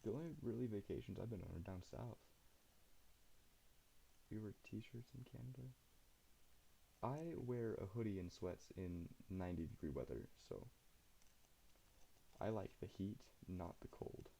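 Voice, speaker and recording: A tired young man from Utah, streaming late at night and chatting casually with viewers in a relaxed, rambling way. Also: lowish voice, unhurried, creaky, pauses often, slight background noise, rough recording. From Utah, USA. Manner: relaxed, rambling, laughs often.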